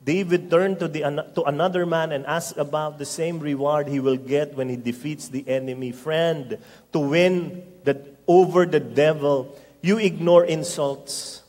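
Filipino preacher in a big echoing hall. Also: male voice, on the high side, measured pace. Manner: lively storytelling preacher mixing languages. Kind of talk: sermon. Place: large worship hall. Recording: long hall reverb.

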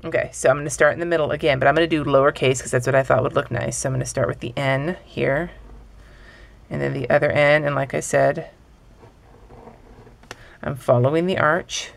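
A woman's voice: a bass voice, fairly even intonation, fairly quick, vocal fry. A young adult woman teaching hand lettering in a casual, offhand, self-deprecating way while she draws. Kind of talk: casual tutorial talk while drawing.

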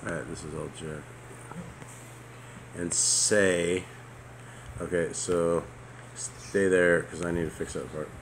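A man's voice: deep voice, level tone, takes it slowly, pauses often, slight background noise. A man typing along to dictation, often stopping to check and repeat the punctuation back. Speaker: proofreading typist. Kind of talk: casual checking chat.

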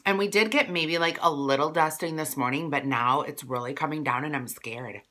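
A woman's voice: sits low, moderate pace, bright, forceful tone. A woman from Wisconsin chatting casually to her viewers while eating lunch, rambling between bites. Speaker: vlogger. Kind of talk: casual mukbang vlog chat.

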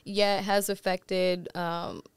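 A woman's voice: lowish voice, flat delivery, slow, smooth, no room sound. A woman being interviewed as a guest singer, talking casually and hesitantly with many fillers.

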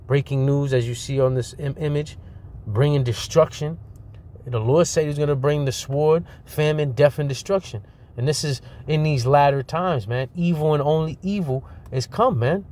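A man's voice: medium pitch, darkish tone. A man preaching an earnest sermon, reading scripture aloud and warning his listeners, often ending sentences with "man.". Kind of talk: fiery street-style sermon with scripture reading.

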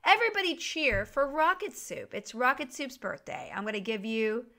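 A woman's voice: high-pitched, big pitch swings, normal speed, bright, forceful tone. A woman live-streaming a video game from home, chatting with viewers and reacting to the game crashing. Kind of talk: casual live-stream chat while gaming.

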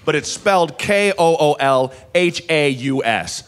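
A man's voice: fairly high pitch, big pitch swings, slow, background noise. A man performing a stand-up comedy set on stage, telling a rambling story with lots of asides. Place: live comedy venue on stage.

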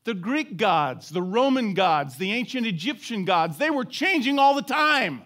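A man with a notably high voice preaches in a church sanctuary, talking to the congregation in a conversational way. He throws out rhetorical questions and asks them to repeat lines back, then sinks low and soft to drive home the main point. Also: sing-song, measured pace. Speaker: pastor. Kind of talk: sermon.

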